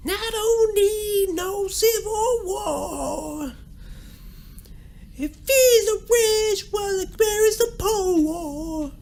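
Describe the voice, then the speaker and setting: A shrill falsetto rock-star wail. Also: male voice, fairly even intonation, slow pace, a bit bright, full character voice. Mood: mocking. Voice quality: high strained falsetto wail. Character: shrill falsetto male rock singer, over the top. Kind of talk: mocking impression.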